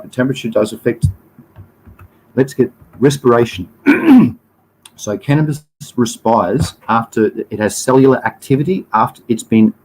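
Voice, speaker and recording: Australian man, fifties, low voice, casual livestream host, rambling, swears offhandedly. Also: darkish tone, a little hiss or hum, low-quality recording. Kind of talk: casual livestream slide talk.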